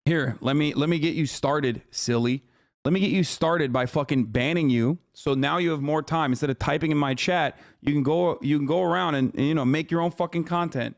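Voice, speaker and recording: A man's voice: a little high, brisk, vocal fry, hardly any pauses, no room sound, studio quality. A man in his thirties streaming live, ranting and mocking his chat with lots of profanity, combative and sarcastic. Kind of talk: live stream reaction rant.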